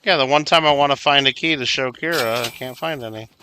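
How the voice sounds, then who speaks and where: A livestreamer from Illinois, USA, chats casually while playing a video game, playfully scolding his teammates. His medium-pitched voice is quick, bright and forceful, with a little hiss or hum in the recording.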